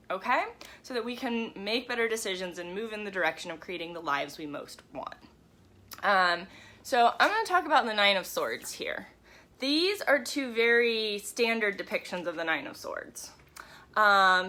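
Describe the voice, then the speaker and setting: A woman's voice: medium pitch, pushed and bright. A woman in her thirties, a tarot reader, chatting in a casual morning live stream, bubbly and greeting viewers by name.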